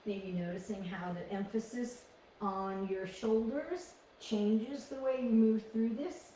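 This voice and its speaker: A woman leading a guided yoga class with calm, encouraging cues, often restarting her phrases. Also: mid-range voice, slow pace, a little hiss or hum. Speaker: yoga instructor. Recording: echoey room, distant from mic.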